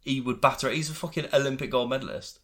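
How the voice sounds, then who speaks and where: Lively man with a bright voice. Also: mid-range voice, fast. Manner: heated ranting and swearing, quoting others in mocking voices. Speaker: podcast co-host. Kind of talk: casual chat.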